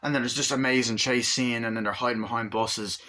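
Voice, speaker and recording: A man casually reviewing an action movie, rambling with excitement and swearing a lot. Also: medium pitch, fairly quick. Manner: excited, profane, rambling, acts out scenes.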